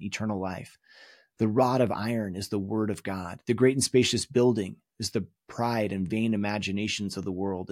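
A man's voice: on the low side, dry recording, studio quality. A man teaching a recorded course lesson, explaining in an earnest tone with emphatic rises. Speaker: religion course instructor. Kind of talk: recorded video lecture.

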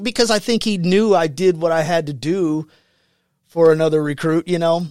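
A man's voice: on the high side, normal speed, no room sound. A man, a military veteran, telling stories as a guest in a casual studio interview, acting out quotes with lots of fillers. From United States. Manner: animated, acts out quotes, many fillers.

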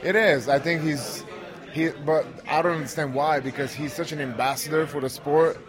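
A man's voice: a little high, steady tone, normal speed. A man being interviewed, answering in a confident, blunt way with short statements. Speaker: interview guest, pro wrestler. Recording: noisy crowd behind.

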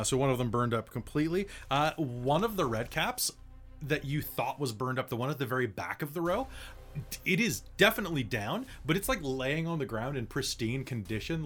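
A man running a tabletop game, narrating the action casually and rambling with fillers. His voice is bright and forward, at an ordinary pitch for a man. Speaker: game master.

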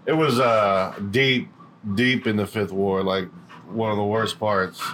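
A man's voice: lowish voice, steady tone, measured pace, a bit bright, slight background noise. A man telling a story in a casual chat, laid-back and rambling. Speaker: podcast co-host. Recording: music behind.

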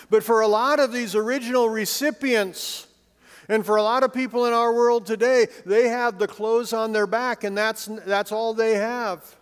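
A male pastor giving a sermon in a conversational way with light humor, swinging between emphatic lines and hushed, soft ones. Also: high-pitched, clean tone. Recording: long reverb, as in a hall.

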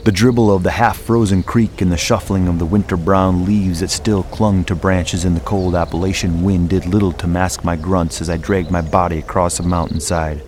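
A man reading a first-person horror story in a measured, grave way. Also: low-pitched, darkish tone, slight background noise. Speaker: narrator.

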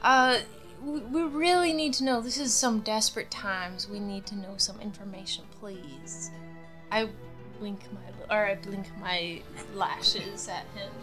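A woman playing a tabletop game, speaking in character in a hesitant, halting way. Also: mid-range voice, fairly even intonation, over music. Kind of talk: in-character role-play.

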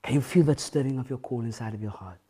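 A man preaching an impassioned sermon, often shouting, then dropping to a hushed intensity. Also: mid-range voice, fast, breathy edge.

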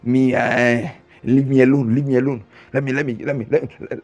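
A man's voice: mid-range voice, a little fast, creaky, faint music behind. Man preaching with mocking mimicry. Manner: animated, mocking mimicry, frequent chuckles. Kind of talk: sermon.

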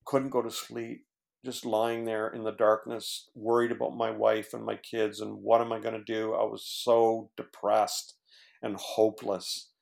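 A man's voice: fairly low pitch, little pitch movement, a little slow, gravelly, a little mellow. A man, a former pastor, earnestly telling his own story as a podcast guest, with many fillers and restarts. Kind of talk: casual storytelling in conversation.

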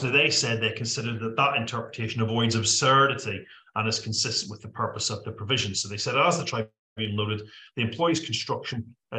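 A man's voice: lowish voice, bright, forceful tone, reverberant, poor audio. A man co-hosting a legal podcast, summarising case judgments with lots of fillers and the odd joke. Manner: reads case summaries with many fillers, jokey asides. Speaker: podcast co-host discussing employment law cases. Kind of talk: casual legal podcast discussion.

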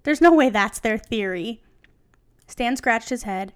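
A woman's voice: on the high side, lively intonation, a little slow, clean tone. A young woman co-hosting a podcast, reading a fan story aloud and wryly commenting between passages. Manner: wry, reads narration then comments. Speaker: podcast co-host.

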